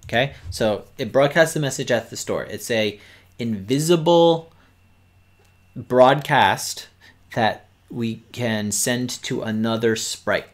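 A man's voice: medium pitch, takes it slowly. A man teaching kids to code on a live stream, explaining patiently step by step and talking straight to the viewers. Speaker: teacher hosting a coding stream.

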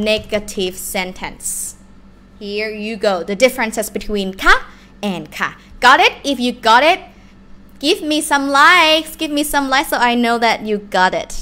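A young woman with a Thai accent teaching a live-streamed language lesson, explaining slowly and repeating words in different tones. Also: a little high, lively intonation, bright, forceful tone. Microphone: laptop or phone mic on a live stream.

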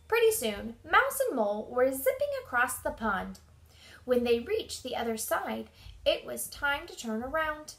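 A woman reads a children's storybook aloud with an expressive, animated delivery. Her high voice moves slowly, with a bright, clear tone and plenty of rise and fall. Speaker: storybook reader. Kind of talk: reading a children's book aloud.

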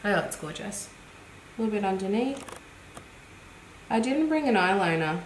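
A woman's voice: medium pitch, lively intonation, moderate pace. An Australian woman reviewing makeup in a casual, chatty, giggly way, thinking aloud as she goes. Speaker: beauty vlogger. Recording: echoey room with faint noise.

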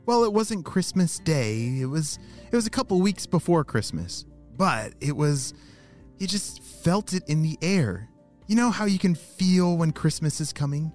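Animated man telling a kids' story. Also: fairly high pitch, measured pace, soft background music. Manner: animated, talks to young listeners. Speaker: children's storyteller.

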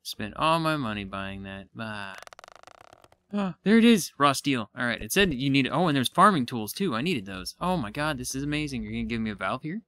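Bright-voiced excitable man playing a game. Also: mid-range voice, fairly quick, clear, resonant tone. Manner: excitable, thinks aloud, self-deprecating. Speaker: gaming YouTuber. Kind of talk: casual let's-play commentary.

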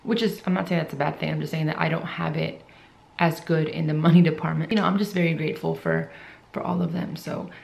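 A woman's voice: low-pitched, fairly even intonation, quick pace, gravelly, darkish tone. A young woman vlogging casually to camera about her fitness competition, chatty and emotional.

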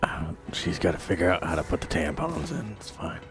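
A man's voice: low voice, sing-song, a little fast. A man streaming a video game, chatting casually, giggling and swearing freely. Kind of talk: casual gaming commentary. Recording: game music in background.

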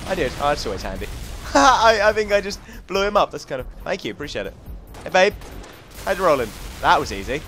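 A man's voice: on the high side, sing-song, fairly quick, bright, forceful tone, faint music behind. A young English man giving jokey, chatty commentary over a video game, talking to the enemies on screen. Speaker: gaming commentator. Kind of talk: casual let's-play commentary.

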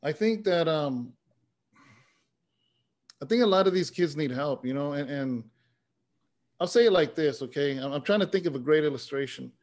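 A man with a somewhat higher voice tells long personal stories in a relaxed interview. He sounds earnest and plain, and he drops "man" and "you know" into his sentences as he builds to his point. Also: moderate pace, long pauses. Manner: earnest, story-driven, says "man" often. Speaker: interview guest, pastor and former rapper. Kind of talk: conversational storytelling.

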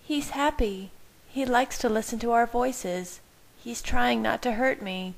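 A woman's voice: on the high side, a little slow, vocal fry, voice pushed up, rough recording. A woman voicing a distraught young pregnant woman in a storybook reading, near-hysterical and self-reproaching. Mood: gentle.

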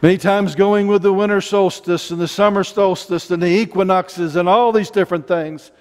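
A man's voice: high voice, fairly even intonation, moderate pace, a little mellow, smooth, in a large hall. A middle-aged man with an Ozarks accent preaching a sermon, impassioned and digressive, with joking asides.

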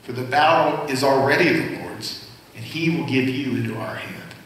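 Preaching as senior pastor at a normal speed, a man with a medium-pitched, fairly bright voice keeps things conversational and asks his congregation questions. The sound is distant and echoey in a church sanctuary, with a little hiss or hum.

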